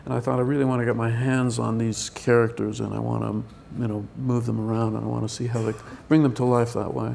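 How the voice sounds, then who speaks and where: A man's voice: mid-range voice, little pitch movement, a little fast, vocal fry, hardly any pauses, darkish tone, slight background noise. An older man, a film director, answering questions at a press event in a rambling, hesitant way, full of restarts.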